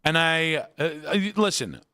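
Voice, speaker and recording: A man's voice: on the high side, unhurried, clear, resonant tone. A man in his forties hosting a sports radio show, telling joking stories in casual banter from a studio. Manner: animated, joking storyteller.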